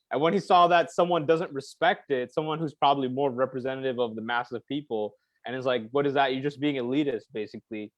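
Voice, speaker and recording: A man in a casual discussion, retelling a video clip and acting out the quotes in a raised, animated voice. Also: medium pitch, no room sound. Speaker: discussion participant. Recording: dry, dull lo-fi sound.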